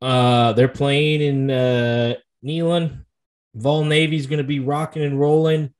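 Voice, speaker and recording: A man's voice: medium pitch, little pitch movement, slow pace. A man co-hosting a casual podcast, rambling easily about whiskey flavors and college football. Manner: easygoing, rambling, tasting-note descriptions. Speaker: podcast co-host. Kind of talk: casual chat about sports and whiskey tasting.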